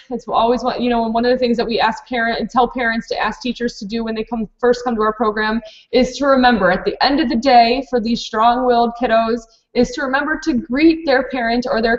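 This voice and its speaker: A woman presenting a teacher webinar, practical and matter-of-fact, with many fillers. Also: a little high. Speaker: preschool program director presenting to teachers. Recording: dull lo-fi webinar audio.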